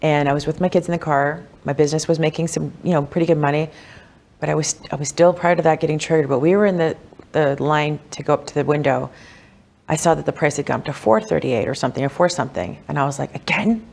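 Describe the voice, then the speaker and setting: A woman, a wealth coach, telling personal stories in a casual podcast interview, animated and chatty, with lots of "like" and "you know.". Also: fast, creaky. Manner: animated, acts out quoted voices with big pitch jumps.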